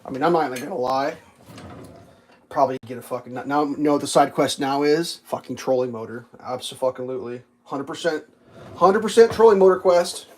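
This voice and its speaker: Speaking in a mid-range, somewhat dark voice at a fairly quick pace, this young livestream host tells loose, swear-filled anecdotes and performs the voices of the people in them. It's relaxed stream chatter, captured on a rough recording.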